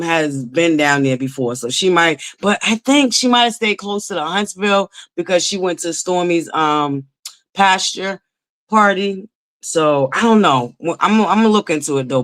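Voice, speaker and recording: A woman's voice: lowish voice, fairly bright tone. Woman, livestream host, casual chat, greets viewers by name.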